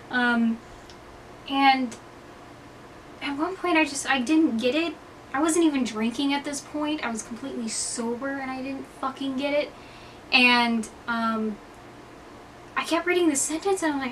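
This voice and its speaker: A young woman vlogging indoors, telling stories to camera in a rambling, profane, self-mocking way. Her voice sits a little high and comes from a slight distance from the mic. A faint hiss runs underneath. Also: fairly bright tone. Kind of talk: casual storytelling to camera. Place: indoor room, hot.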